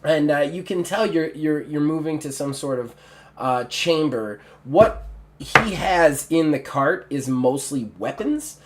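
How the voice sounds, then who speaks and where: A game master narrates a tabletop session, a man with a voice a touch above the usual pitch. He talks in halting bursts, restarting phrases and filling gaps with "uh" and "um". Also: expressive, heavy background noise. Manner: halting, with many fillers and restarts.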